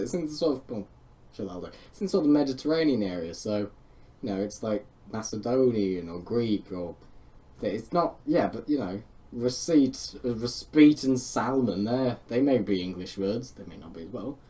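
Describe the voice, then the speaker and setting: A man banters casually as he directs a friend's voice recording. He teases a lot and gives quick notes, with an animated, swinging pitch.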